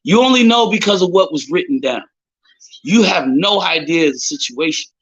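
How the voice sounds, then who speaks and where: A man hosting a casual live-stream chat, talking in an animated, emphatic way and swearing often. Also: on the high side, normal speed, lo-fi sound. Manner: animated, profane, emphatic storytelling. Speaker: host.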